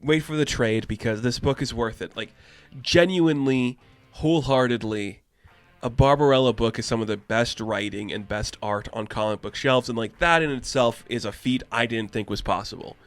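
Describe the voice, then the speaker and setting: A man's voice: mid-range voice, moderate pace, no room sound, faint music behind. Chatty male comic reviewer, dry close sound. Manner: enthusiastic, chatty, rhetorical asides. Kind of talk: casual review vlog.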